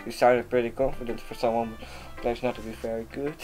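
A man's voice: medium pitch, little pitch movement, a little fast, a little mellow, faint music behind, lightly acted. A man reading a nervous, self-doubting teenage boy's narration aloud in a plain, subdued voice.

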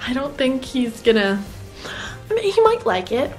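Brief: young woman vlogger, high and very lively, gushing girly prank voice, echoey home room. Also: normal speed, faint music behind. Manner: exaggerated girly, gushing and whiny. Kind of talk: prank vlog, talking to camera. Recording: roomy echo.

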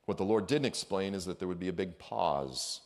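A man with a low-pitched voice preaches as a guest speaker in a church. He talks in an energetic, conversational way, drifting into asides and casual slang. His delivery sounds unscripted. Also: moderate pace. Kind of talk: sermon.

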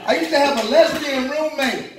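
A Kentucky man with a very high voice performs a loose, profane stand-up set in a comedy club at a moderate pace, telling stories that build to punchlines. The noisy recording is taken from far off in a very echoey room, with the crowd laughing.

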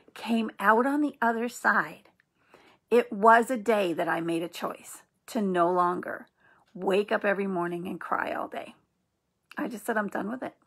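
A middle-aged woman with a gravelly, husky voice gives earnest spiritual encouragement. She talks gently and reassuringly, in an even middle pitch. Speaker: host of an inspirational channel.

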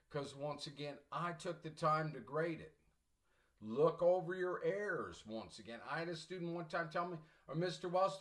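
A man's voice: fairly high pitch, fairly bright tone. A middle-aged man teaching a college English class, blunt and rambling, repeating himself and drifting into stories. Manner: rambling, repetitive, blunt, digresses into anecdotes. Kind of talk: recorded lecture to class.

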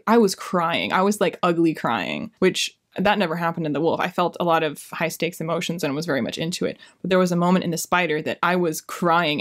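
A young adult woman talking casually in a book review vlog, enthusiastic and gushing. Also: fairly low pitch.

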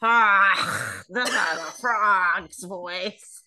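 An older woman voicing a low, throaty frog with a fly in its throat, pushing her voice down into her throat. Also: very slow, very noisy. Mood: goofy. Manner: voice pushed down into the throat.

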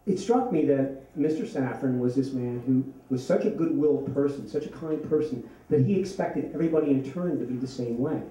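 A man's voice: medium pitch, warm tone. A man telling a personal story on stage at a live storytelling event, chatty and often laughing as he speaks. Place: event venue, from a distance. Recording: roomy and echoey from far off.

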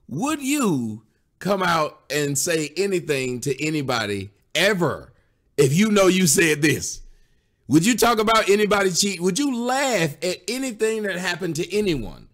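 Man, show host, mocking, incredulous, rhetorical questions, slightly high voice. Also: big pitch swings, measured pace, a bit bright. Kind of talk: commentary on a played clip.

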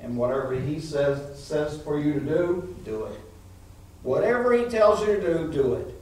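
A male pastor preaching an animated sermon to a congregation, asking "amen?" as he goes. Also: on the high side, moderate pace, a little hiss or hum. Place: church sanctuary. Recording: echoey church hall, mic from far off.

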